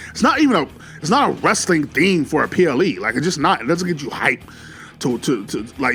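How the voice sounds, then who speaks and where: A man giving a casual, excitable solo review, full of fillers and slang. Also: fairly high pitch. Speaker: wrestling commentary YouTuber.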